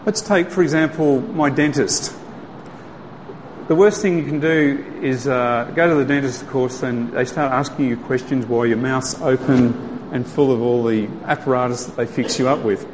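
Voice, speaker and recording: A man's voice: medium pitch, fairly even intonation, normal speed, slight background noise. A man giving a sermon in a conversational, storytelling way, earnest and direct. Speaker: preacher. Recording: long hall reverb, faint ambience.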